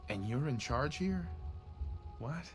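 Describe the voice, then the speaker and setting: A man's voice: mid-range voice, lively intonation, takes it slowly, faint music behind. An actor playing a puzzled male soldier who asks blunt questions.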